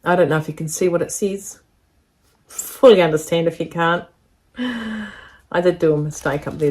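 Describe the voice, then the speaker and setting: A woman chatting casually to camera from her home sewing studio, rambling and excitable as she shows her makes. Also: lowish voice, a little hiss or hum. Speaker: sewing vlogger.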